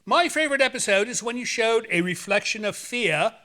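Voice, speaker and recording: A man's voice: extremely high pitch, expressive, fairly quick, pushed and bright. A man hosting a horror movie show, rambling and joking in playful banter. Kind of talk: playful, campy hosting chat.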